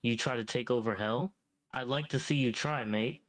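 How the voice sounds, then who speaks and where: A man's voice: mid-range voice, normal speed, fairly bright tone, natural voice, rough recording. A synthetic male voice playing a smug, ancient devil who keeps calling people "mate". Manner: smug, says "mate" a lot. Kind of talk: AI chatbot role-play.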